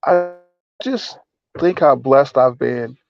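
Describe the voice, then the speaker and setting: A man speaking softly and haltingly as he shares personal memories in a reflective talk, emotional and tearful at times. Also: mid-range voice, vocal fry, lo-fi sound. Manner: soft-spoken, halting, emotional. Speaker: advocate sharing personal memories. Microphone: personal mic.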